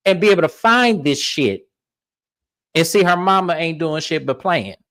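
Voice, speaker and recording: A man's voice: a little high, lively intonation, moderate pace, fairly bright tone. A man co-hosting a reality show recap in casual chat, emphatic and joking.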